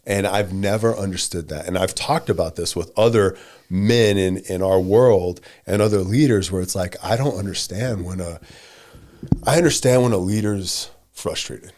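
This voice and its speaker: A man co-hosting a marriage podcast, talking emphatically in casual chat with his wife and repeating short blunt commands. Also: sits low. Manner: softens and slows when speaking to his wife. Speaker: podcast co-host.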